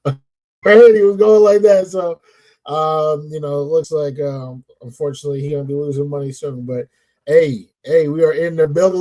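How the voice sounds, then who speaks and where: A man hosting a casual sports talk show, playful and hyped, giving drawn-out shout-outs. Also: fairly high pitch, fairly even intonation, highs cut off. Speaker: podcast host.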